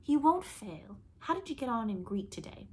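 A woman reading the part of a calm, heartfelt young college woman who speaks sincerely. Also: on the high side, moderate pace, pitched above the performer's own voice.

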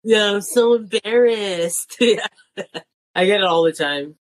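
A woman comedian in her thirties talks in a loose, chatty way. She laughs often and slips into quoted voices when she tells a story. Her voice sits at a middle pitch. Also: measured pace. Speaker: guest comedian and nurse. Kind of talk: casual chat.

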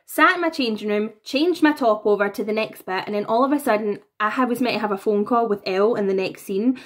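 A young woman in her twenties telling stories to her camera in a chatty, animated way, laughing between anecdotes. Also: medium pitch, quick pace. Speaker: vlogger. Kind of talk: casual storytelling to camera. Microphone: own camera.

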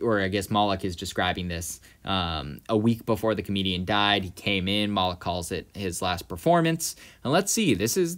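A man's voice: low-pitched, a bit bright. A man giving a close-reading lesson on a novel, thinking aloud with many fillers and talking to viewers as guys. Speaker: literature analyst.

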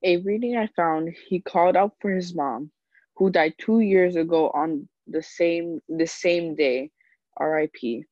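A student reader giving an impassioned poetry reading with a slow, repeated refrain. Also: mid-range voice, darkish tone, no echo. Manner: slow, repetitive refrain delivery. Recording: dull, dry lo-fi recording.

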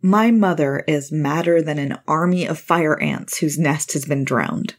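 A woman reads a first-person story aloud in a scripted narration style. Her voice is low for a woman's. Her delivery is measured and even.

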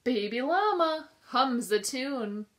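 A woman pre-K teacher reading a picture book aloud to young children, sing-song and expressive, pausing to ask them questions. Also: high voice, slight background noise. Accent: New York. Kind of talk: children's storybook read-aloud.

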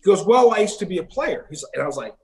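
Animated storytelling man, slightly high voice. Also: very fast. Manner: animated storyteller who acts out other people's lines. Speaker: interview guest, former pro ballplayer. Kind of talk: casual interview storytelling.

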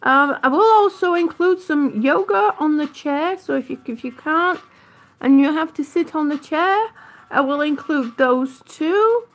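A middle-aged woman chatting warmly with viewers on a live stream, a little out of breath, calling them honey and sweetie with drawn-out vowels. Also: high voice, lively intonation. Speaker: vlogger on oxygen.

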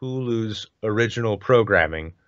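A man's voice: fairly low pitch, expressive, moderate pace, a bit bright, dry recording. A man co-hosting a live-stream podcast, chatting casually and reading out news with sarcastic, profane jokes. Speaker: co-host. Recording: dull dry lo-fi sound.

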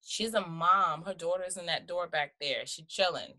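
Lively, bright-voiced woman podcast host. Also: on the low side, normal speed. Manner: animated, slangy, calls guest "girl". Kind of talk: casual interview chat.

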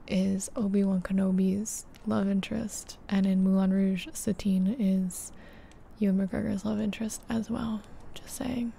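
A young woman hosting an ASMR livestream, chatting in a hushed, half-whispered voice and reading out names from the chat. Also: medium pitch, vocal fry, slight background noise.

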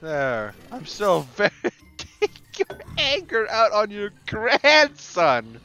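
Guy streaming a game, laughs nonstop, big swoopy voice, drawn-out slow talk. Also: sits high, wildly swooping pitch, sharp tone, faint music behind. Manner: laughs often, yelps and exclaims in disbelief. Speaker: gaming streamer. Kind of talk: live game commentary.

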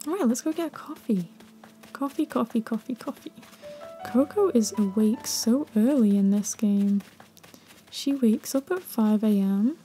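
A young woman talks through a cosy game in a gentle, slightly high voice. Her tone is mellow and warm, cheerful and gushing, with the occasional hushed whisper. She is close to the mic. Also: expressive, a little slow, soft background music. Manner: soft, cheerful and gushing, with quiet whispered asides. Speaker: gaming video creator. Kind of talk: cosy gameplay commentary.

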